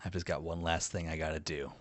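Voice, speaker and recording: A man playing a tabletop game, describing his character's actions with animated energy. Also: very deep voice, fast. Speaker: player.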